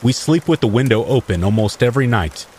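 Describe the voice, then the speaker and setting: A man calmly reading first-person horror stories aloud as a podcast storyteller. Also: medium pitch, brisk, a little hiss or hum. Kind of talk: scripted horror story narration. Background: steady rain.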